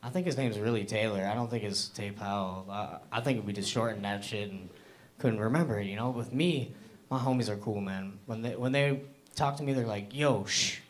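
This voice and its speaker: A man's voice: fairly low pitch, fairly quick. A young man from Hamilton, Canada, doing a loose, rambling open-mic stand-up set full of fillers and self-deprecating asides. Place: comedy club stage.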